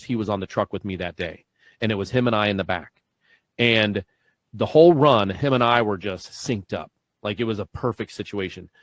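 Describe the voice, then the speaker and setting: A man's voice: lowish voice, dry recording. A man, likely in his forties, a podcast host and first responder, telling stories in casual chat and acting out the dialogue. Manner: animated storyteller acting out quoted dialogue.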